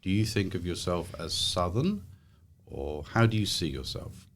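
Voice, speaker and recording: Very deep-voiced English man, gently coaxing. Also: lively intonation, normal speed, a little hiss or hum. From England. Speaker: host interviewing his daughter. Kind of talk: casual interview.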